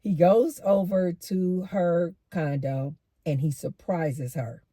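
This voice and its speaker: Husky-voiced woman telling a juicy story. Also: fairly low pitch, takes it slowly, no echo. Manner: animated, emphatic, repeats lines for effect. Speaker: host. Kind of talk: casual storytelling commentary.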